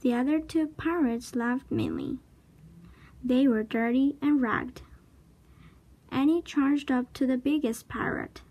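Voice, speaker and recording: Slow, high-voiced woman reading a storybook. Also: a little mellow. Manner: slow, deliberate storybook narration. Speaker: reader. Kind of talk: children's book read-aloud.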